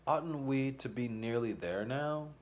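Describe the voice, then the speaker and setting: A man voicing a brave young girl who talks in a quick, practical way in a storybook reading. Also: medium pitch, expressive, pitched above the performer's own voice, lightly acted. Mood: urgent.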